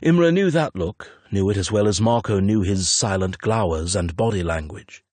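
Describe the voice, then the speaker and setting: Male audiobook narrator; measured, low, a little husky, dry close read. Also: animated, darkish tone, no room sound. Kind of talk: scripted narration.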